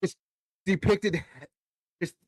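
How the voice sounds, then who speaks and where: A man co-hosting a wrestling podcast, chatting casually, reacting quickly and laughing easily. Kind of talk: casual opinionated chat.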